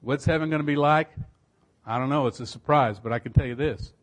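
A middle-aged man preaching a storytelling sermon, emphatic and swelling louder at key points. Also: medium pitch, brisk.

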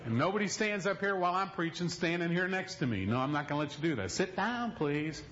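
A middle-aged male pastor preaching an animated sermon, swinging between loud stretches and hushed ones. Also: sits high, quick pace, dull audio, a little hiss or hum.

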